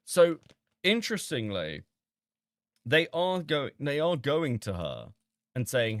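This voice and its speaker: A man streaming casually as he reads out chat logs and reacts with sudden loud disbelief and swearing. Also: fairly high pitch, sing-song, takes it slowly, dry recording, clean studio sound.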